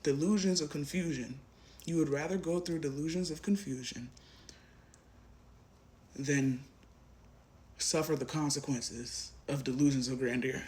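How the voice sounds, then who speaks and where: This tarot reader's male voice is on the high side and darkish, with fairly even intonation, an unhurried pace, and long pauses, plus slight background noise. Offering a collective reading straight to the viewer, he's passionate and emphatic, repeating phrases, swearing, and sometimes sinking to a whisper.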